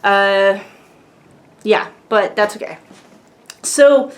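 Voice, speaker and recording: A woman's voice: mid-range voice, extremely slow. A woman vlogger chatting casually to camera, rambling with lots of fillers and frequent laughs.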